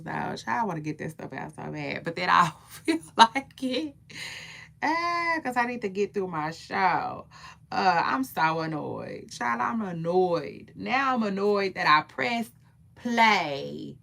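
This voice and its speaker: Animated, bright-voiced woman gossiping live. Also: medium pitch, creaky. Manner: animated, playful, frequent "child" and quick laughs. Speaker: live-stream commentator. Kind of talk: casual live-stream gossip chat.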